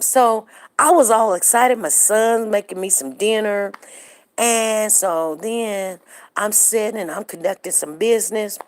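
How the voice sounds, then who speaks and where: A middle-aged woman hosting a live show, chatting casually and telling stories straight to her viewers. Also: medium pitch. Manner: chatty, storytelling, addresses viewers directly.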